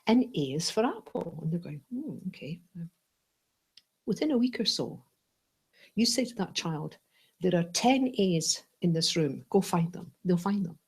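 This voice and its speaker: Husky woman teaching Buddhist philosophy. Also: fairly low pitch, normal speed. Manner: animated, playful, asks "right?" and "yes?". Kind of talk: teaching a dharma class.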